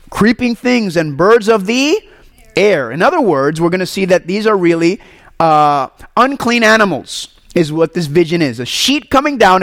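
A man from Puerto Rico preaching a sermon as pastor, animated and asking the congregation questions. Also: high-pitched, no echo.

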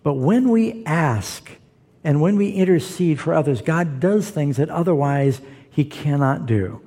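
A man's voice: fairly high pitch, animated, a little slow, dark tone, slightly rough. A man preaching as a pastor, explaining Bible verses to a live audience in an emphatic, explanatory way. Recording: long hall reverb.

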